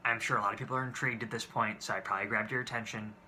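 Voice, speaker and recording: A man's voice: lowish voice, steady tone, racing, bright, forceful tone, a little hiss or hum. A man in his twenties telling date stories to camera in a casual, exasperated and profane way, rambling with restarts. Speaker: vlogger.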